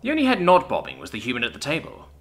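A man narrating a science fiction story in an expressive, scripted storytelling manner. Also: mid-range voice, racing.

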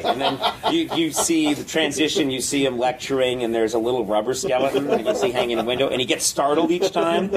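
A man's voice: medium pitch, a little fast, few pauses, a crowd in the background, low-quality recording. A man in casual talk, telling an old comedy story with many fillers and laughs, switching between voices as he goes.

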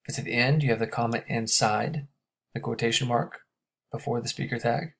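A man teaching a grammar lesson, explaining step by step and checking in with quick questions. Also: medium pitch, gravelly, fairly bright tone.

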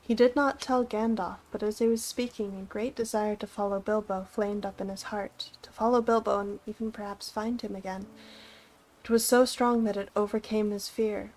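A woman reading a novel aloud for a live stream in a steady, measured storytelling voice. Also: medium pitch, slight background noise, poor audio. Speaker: reader.

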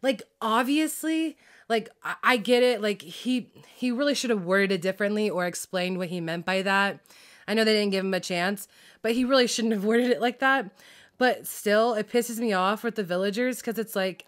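A woman's voice: medium pitch, moderate pace. A woman ranting about a TV drama in a casual, heated vlog, swearing constantly, full of fillers, laughing and losing track of names. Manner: heated, profane, filler-heavy venting with laughs; frazzled, loses track of names. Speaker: drama reaction vlogger.

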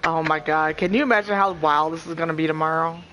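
A man chatting casually while streaming a co-op game, excitable, laughing often and swearing freely. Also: on the high side, fast talker, a little hiss or hum. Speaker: gameplay streamer. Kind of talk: casual co-op gameplay chat.

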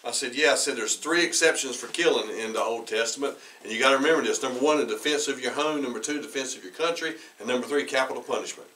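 A man, preaching a sermon as pastor and telling stories, who talks conversationally, repeats words, restarts and often clears his throat. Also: mid-range voice, quick pace, hardly any pauses, far from the mic, low-quality recording. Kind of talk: sermon with personal storytelling. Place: church sanctuary. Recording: bright voice heard from away from the mic.

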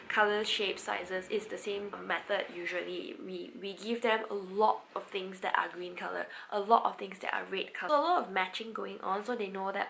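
A woman's voice: mid-range voice, fairly even intonation, measured pace, a bit bright. A woman giving patient instructional advice to parents, breaking into sing-song counting demonstrations. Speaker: parent educator.

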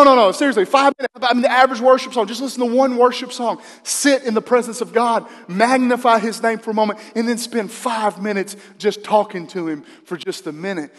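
A high-voiced male pastor with a fairly bright tone preaches a sermon in a church sanctuary, where the recording carries a long hall reverb. His style is conversational, and he asks the congregation questions.

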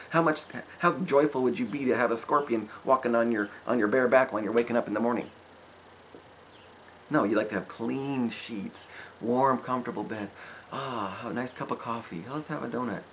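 A man at an ordinary middle pitch gives an informal, impassioned sermon. He gets worked up, pleads and exhorts, and his sentences restart and wander. A faint hiss runs under his voice. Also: poor audio. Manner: rambling with restarts and frequent "you know". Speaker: preacher answering questions.

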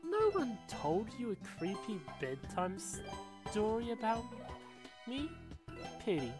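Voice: mid-range voice, wildly swooping pitch, slow, voice pushed up. A gamer voicing a gloating fantasy game villain. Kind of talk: reading game dialogue aloud. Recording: game music playing behind. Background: game music.

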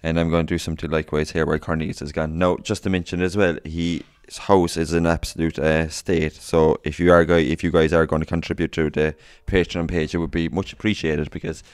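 Irish male co-host, very low voice, rapid teasing banter, dry close recording. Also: flat delivery, clear, resonant tone, dry recording. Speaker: podcast co-host. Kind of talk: casual chat.

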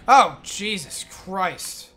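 Bright-voiced excitable young male streamer. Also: sits high. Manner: excitable, swears, thanks chat often. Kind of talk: live gaming stream chatter.

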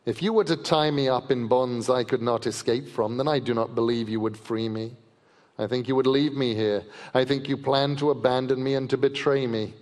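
A man's voice: mid-range voice, fairly even intonation, normal speed, darkish tone, natural voice. A man reading aloud and voicing a huge, proud male wolf who is suspicious and scornful, speaking in a growling, defiant way. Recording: long reverb of a large festival hall.

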